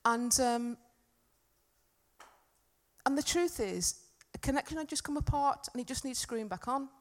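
At a church gathering, a middle-aged woman delivers a sermon built around a personal anecdote. Her voice is high-pitched and animated at a moderate pace, and she tells the story chattily and self-deprecatingly.

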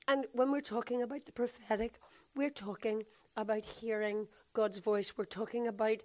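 A woman with a Belfast accent, her voice croaky and hoarse, giving an earnest sermon on the Holy Spirit. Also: on the high side. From Northern Ireland. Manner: earnest, warm teaching tone with fillers. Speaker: preacher.

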